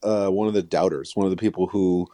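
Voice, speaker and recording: Self-mocking low-voiced man, podcast guest. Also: fairly even intonation, fast talker, warm tone, dry recording. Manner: self-mocking, rambling, amused. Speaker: sportswriter guest. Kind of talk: casual chat.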